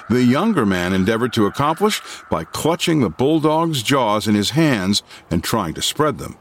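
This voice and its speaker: A male narrator reading a classic novel aloud. His intonation is lively and full of movement, and his voice sits at a middle pitch. The reading is dramatic and expressive. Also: a little hiss or hum. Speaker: audiobook narrator.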